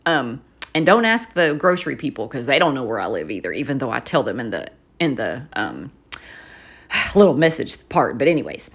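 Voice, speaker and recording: A woman's voice: rumbling low, sing-song, moderate pace. A woman vlogger telling a rambling story in a casual chat, full of fillers and asides. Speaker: journaling vlogger.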